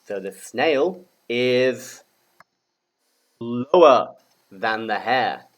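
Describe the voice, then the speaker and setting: Very slow-talking male English teacher. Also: medium pitch, animated. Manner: slow, deliberate, repeats words for learners to echo. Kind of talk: slow grammar lesson for young learners.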